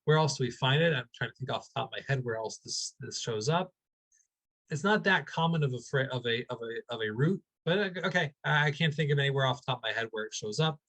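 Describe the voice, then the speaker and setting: A man teaching a weekly text study over a video call, thinking aloud with many restarts and slowing down to spell out Hebrew words. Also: medium pitch, expressive, fairly bright tone, low-quality recording. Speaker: rabbi teaching a weekly class.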